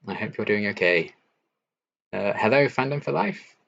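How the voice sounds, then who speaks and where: Deep-voiced young man chatting on stream. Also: normal speed, vocal fry. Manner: relaxed, chatty, many ums and likes. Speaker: YouTube reaction channel host. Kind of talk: casual live-stream Q&A, reading chat. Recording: slightly dull lo-fi stream audio.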